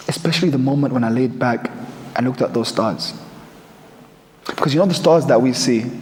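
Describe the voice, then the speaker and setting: A man telling a personal story to listeners, reflective and earnest, with measured pauses. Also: medium pitch, a little mellow. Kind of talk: first-person storytelling talk. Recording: echoey hall with faint ambience.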